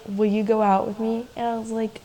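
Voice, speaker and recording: A woman's voice: fairly high pitch, level tone, a little fast, crowd noise, low-quality recording. A young woman co-hosting a podcast, telling a personal story in a loose, chatty way full of "like" and laughing asides. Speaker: podcast co-host. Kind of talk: casual storytelling chat.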